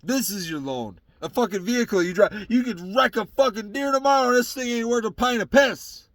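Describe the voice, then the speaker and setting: A young man with a Southern accent and a tired, sore, raspy voice, hosting a casual solo rant in a truck, profane and heated. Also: very high-pitched, fairly quick, fairly bright tone, no room sound. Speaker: podcast host. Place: inside a parked truck.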